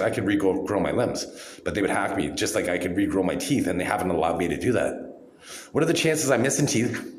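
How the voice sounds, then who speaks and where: A man's voice: fairly low pitch, a little hiss or hum. A man in his forties delivering an angry, accusatory rant straight to the camera, repeating himself as he goes. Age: 40s. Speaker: vlogger. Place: hospital room. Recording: echoey room.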